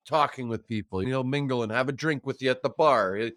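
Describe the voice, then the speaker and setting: A man hosting a podcast, chatting in a relaxed, conversational and encouraging way. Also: medium pitch, fairly quick, no echo, studio quality. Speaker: podcast host. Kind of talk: casual interview chat.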